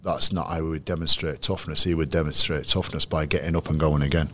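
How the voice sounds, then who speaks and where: A male coach telling stories in an interview, in a measured, anecdotal way with frequent restarts. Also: rumbling low, fairly even intonation, fairly bright tone, a little hiss or hum. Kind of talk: interview storytelling.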